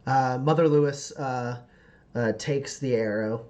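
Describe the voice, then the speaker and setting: A man narrating as game master of a tabletop game, halting with many fillers. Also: medium pitch, darkish tone. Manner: halting, lots of fillers and laughs.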